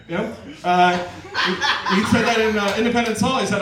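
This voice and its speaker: A man's voice: sits high, fast talker, fairly bright tone. A man performing at an open mic comedy night, reading comic fan fiction aloud with rambling asides and fillers. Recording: echoey and distant with noise.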